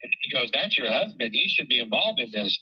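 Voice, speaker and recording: A man talks quickly through a muffled, lo-fi call. He rambles, restarts and repeats himself, swearing freely as he recounts what happened. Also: mid-range voice, sing-song, slightly rough. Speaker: caller recounting events. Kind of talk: casual phone chat.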